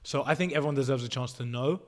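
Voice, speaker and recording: A man's voice: mid-range voice, fast. A 22-year-old man, a podcast guest who lays out his views step by step in a casual, assertive way and swears freely.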